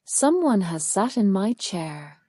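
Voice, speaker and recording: A woman voicing a big, gruff father bear in a storybook, speaking in a heavy, growling way. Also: mid-range voice, very animated, slow pace, dark tone, no room sound, studio quality.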